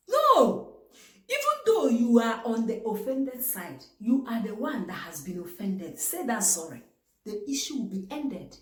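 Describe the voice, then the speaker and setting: A woman's voice: fairly high pitch, big pitch swings, a little slow, reverberant, rough recording. A woman with a Nigerian English accent giving marriage advice to camera in an emphatic, preachy way, asking herself rhetorical questions.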